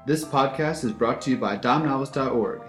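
A man's voice: mid-range voice, moderate pace, a bit bright. A man reading a scripted outro announcement in a plain, informative manner. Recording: roomy with music underneath.

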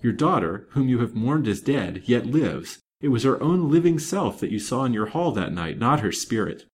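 A man voicing a confident detective in a brisk, firm, assured manner. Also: mid-range voice, very animated, husky, pitched above the performer's own voice.

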